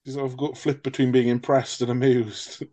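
A man's voice: medium pitch, little pitch movement, fairly quick, mellow. A man co-hosting a film podcast, rambling jokily through tangents and swearing freely in casual chat. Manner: rambling, jokey, swears freely, breaks into mock voices. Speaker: podcast co-host.

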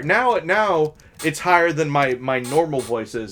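A man co-hosting a casual podcast, his voice set somewhat high on purpose. He talks in loose, rambling sentences full of restarts and small fillers. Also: expressive, fairly bright tone. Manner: talks in many restarts and fillers, deliberately pitched-up voice. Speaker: podcast co-host. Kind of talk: casual chat.

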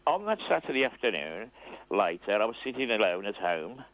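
Older man phoning in, choked up and halting, heard down a tinny phone line. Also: fairly low pitch, sing-song, a bit bright. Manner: emotional, halting, throat-clearing. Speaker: caller. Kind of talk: phone-in call.

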